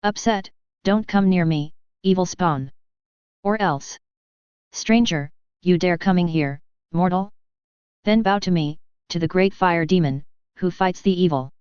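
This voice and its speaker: A woman's voice: fairly low pitch, a little slow, long pauses, a little mellow, smooth, no echo, muffled recording, natural voice. A woman reading character lines as a theatrical young woman who poses as a fire demon, speaking in a grandiose, archaic, self-important way. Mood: haughty. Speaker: audiobook reader.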